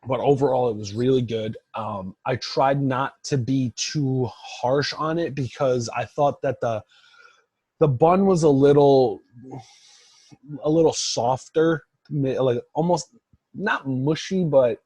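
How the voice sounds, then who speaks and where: A man's voice: medium pitch, slow pace, darkish tone, slightly rough, dry recording. A young man co-hosting a podcast in casual chat, rambling with lots of fillers and "like"s. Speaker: podcast co-host.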